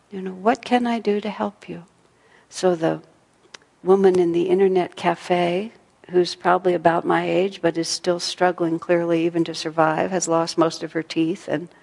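A middle-aged woman giving a gentle, reflective spiritual talk, acting out her own inner dialogue. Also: fairly low pitch, gravelly, slightly rough, in a large hall. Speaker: spiritual teacher.

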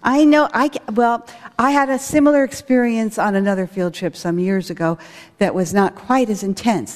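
A woman's voice: mid-range voice, a little mellow. A woman who directs a school, giving an earnest spiritual talk with stories. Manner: earnest, storytelling with acted quotes. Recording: long hall reverb.

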